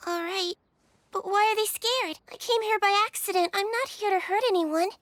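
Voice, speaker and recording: A woman's voice: very high voice, normal speed, a bit bright, dry recording. A woman voicing a polite, earnest young witch heroine in an anime dub.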